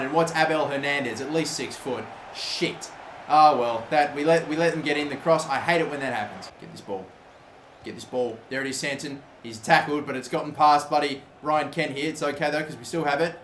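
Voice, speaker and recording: A young man giving live commentary over a football video game, swearing freely and shouting at big moments. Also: fairly high pitch, roomy sound, a little hiss or hum. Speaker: gaming commentator.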